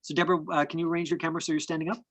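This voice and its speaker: A man coaching actors in a live online acting class over a video call. He talks in a halting way, full of fillers and restarts. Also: a little high, level tone, a bit bright, low-quality recording.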